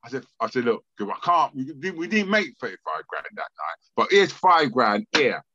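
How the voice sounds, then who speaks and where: A man's voice: mid-range voice, normal speed, no echo, dull audio. A man with a London accent telling a long story as a podcast guest, acting out the voices of others and often restarting his sentences. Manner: animated, acts out quoted voices, frequent stammered restarts. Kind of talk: storytelling in a casual interview.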